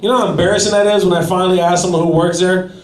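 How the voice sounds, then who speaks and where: A man's voice: sits high, steady tone, very fast. A man doing a self-deprecating stand-up set at an open mic, chatting with the crowd. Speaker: stand-up comedian. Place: small gallery venue at an open mic. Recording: echoey room from a distance.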